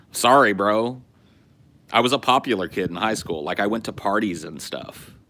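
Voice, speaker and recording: A man's voice: fairly low pitch, expressive, normal speed, bright, forceful tone. A man in his forties from California, hosting a podcast and telling loose, profane stories. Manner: loose, profane storytelling with frequent restarts. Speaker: podcast host. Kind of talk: casual chat.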